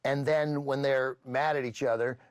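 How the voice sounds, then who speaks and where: A man's voice: mid-range voice, steady tone, moderate pace, clean tone, no echo. A man hosting a casual film discussion, chatty with many fillers as he retells scenes. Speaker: film channel host.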